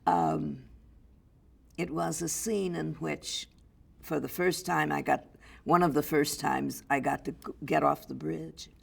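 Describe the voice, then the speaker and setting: Older woman with a gravelly, slow voice. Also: deep voice. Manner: lively storyteller, acts out others' voices. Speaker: interview guest, actress. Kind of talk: anecdotal storytelling.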